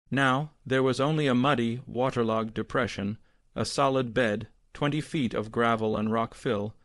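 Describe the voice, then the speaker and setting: A man narrating an audiobook in a measured, grave storytelling manner. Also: mid-range voice, no echo, studio quality. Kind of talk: scripted narration.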